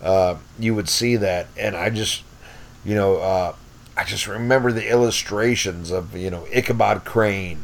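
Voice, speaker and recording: A man's voice: on the low side, measured pace, vocal fry. Profane, rambling middle-aged man. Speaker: podcast guest. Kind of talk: casual storytelling.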